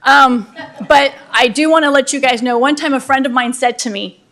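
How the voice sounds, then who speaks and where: A woman who has just been elected to the city council gives an unscripted, energetic speech full of heartfelt thank-yous in a council chamber. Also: high-pitched, moderate pace.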